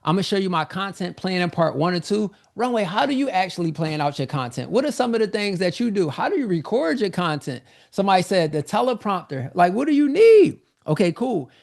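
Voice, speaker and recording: Gravelly-voiced man pitching a webinar. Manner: energetic, repetitive, informal salesman talk. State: slightly out of breath. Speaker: online business coach hosting a live sales webinar. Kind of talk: live webinar sales pitch.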